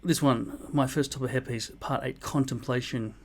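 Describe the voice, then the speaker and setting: A vlogger with a mid-range, steady voice reads and answers viewer comments at normal speed. His casual monologue is blunt and mock-boastful, with frequent swearing.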